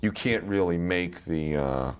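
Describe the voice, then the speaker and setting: A man with a very deep voice, chatting casually as an interview guest. His pitch swings widely as he tells stories, and he often slips into other voices along the way. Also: unhurried, clear, resonant tone. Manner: animated storytelling, slips into voices. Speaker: actor and monologist guest.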